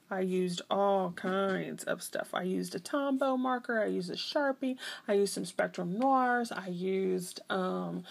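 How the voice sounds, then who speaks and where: A woman's voice: mid-range voice, vocal fry. A woman vlogger casually talking through her craft projects, chatty and rambling, often correcting herself mid-sentence. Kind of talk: casual show-and-tell.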